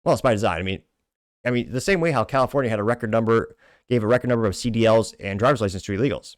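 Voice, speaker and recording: A man hosting a talk show, reading social media comments aloud with wry asides and quick self-corrections. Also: fairly low pitch, no echo, studio quality. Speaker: podcast host.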